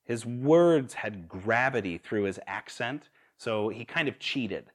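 A young man preaching a sermon in a relaxed, conversational way, with fillers and restarts. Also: lowish voice, takes it slowly. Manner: conversational with fillers and restarts, laughs at own stories.

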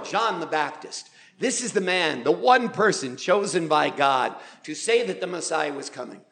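A man preaching a sermon in a church, drawing the congregation in with questions and light humor, slowing to stress key words. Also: fairly high pitch, fairly bright tone. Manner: engages the congregation with questions and show of hands. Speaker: pastor. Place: church sanctuary.

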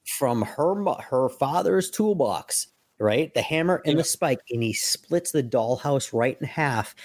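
A man guesting on a podcast, excitedly retelling comic scenes in casual chat. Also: medium pitch, measured pace, no echo. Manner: excited, peppered with "frickin'".

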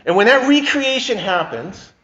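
A man's voice: extremely high pitch, very animated, moderate pace, fairly bright tone, highs cut off. A male pastor giving a sermon in a conversational, emphatic way, often restarting his sentences.

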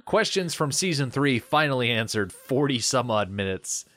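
A man co-hosting a podcast, chatting casually about a movie with wry, lively storytelling and tangents. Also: medium pitch, moderate pace, dry recording. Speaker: podcast co-host.

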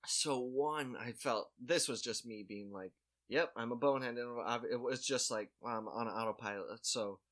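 Guy rambling thru a story, bright punchy voice, lots of "like", roasting himself. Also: medium pitch, unhurried, few pauses. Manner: rambling, full of "like" and restarts, self-mocking. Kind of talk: casual chat, telling a story.

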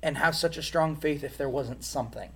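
Guy w a slightly high voice, frank reflective storytelling, interview guest. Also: a little fast, vocal fry, a bit bright, slightly rough. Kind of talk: candid personal testimony.

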